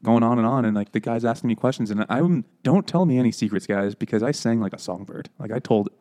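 A man chatting on a podcast, spinning a rambling anecdote and laughing as he acts out the other people in it. He talks quickly, and his voice has a mellow, dark tone. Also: medium pitch. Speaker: podcast co-host. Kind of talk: casual chat, storytelling.

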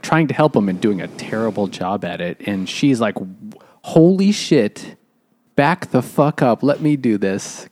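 A podcast co-host with a fairly low, darkish voice rambles casually through plot recaps on a book-club show, acting out quotes as he goes.

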